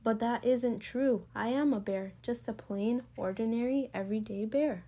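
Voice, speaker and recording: A woman's voice: a little high, moderate pace, dark tone. A woman voicing a sleepy, stubborn male bear from a storybook, speaking earnestly.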